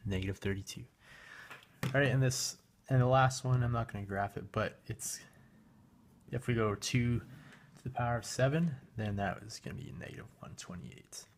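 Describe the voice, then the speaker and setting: A man with a gravelly, creaky voice walks through a math lesson step by step, pausing on a graphing calculator and fixing his own slips. His pitch sits mid-range, and a faint hiss hangs under the recording. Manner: relaxed, talks while working a graphing calculator, with fillers and self-corrections. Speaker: math teacher.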